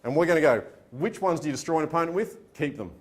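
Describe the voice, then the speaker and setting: Guy running a workshop, slightly high voice, walking people through a chart. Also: lively intonation, fast, breathy edge. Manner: explains with gestures to a chart. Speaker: motivational speaker. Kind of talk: teaching a workshop.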